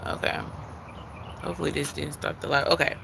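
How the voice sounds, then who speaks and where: Man, live tarot card reading, fairly high-pitched voice, gravelly, earnest and repetitive. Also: flat delivery, fairly quick, noisy background. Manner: earnest, repetitive, preacher-like emphasis.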